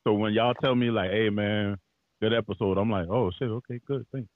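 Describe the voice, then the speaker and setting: A man's voice: lowish voice, steady tone, a little fast, no echo. A man hosting a podcast, chatting casually in a loose, joking way and swearing freely. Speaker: podcast host. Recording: dry, dull lo-fi sound.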